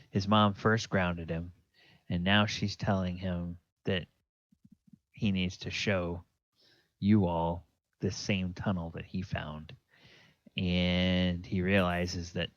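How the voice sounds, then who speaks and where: A man running a tabletop game as game master, narrating haltingly with many pauses and fillers. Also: low voice, no room sound. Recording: dull lo-fi dry sound.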